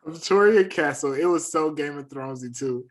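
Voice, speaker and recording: A man with a Southern US accent, chatting as a podcast guest and telling lively self-deprecating stories. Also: fairly high pitch, quick pace. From American South. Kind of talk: casual chat, storytelling.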